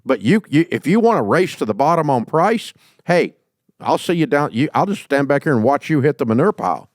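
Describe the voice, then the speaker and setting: A man's voice: a little high, very animated, brisk, no room sound. A middle-aged man hosting a call-in business advice show, blunt and folksy with jokes. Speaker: podcast host. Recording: dry studio sound.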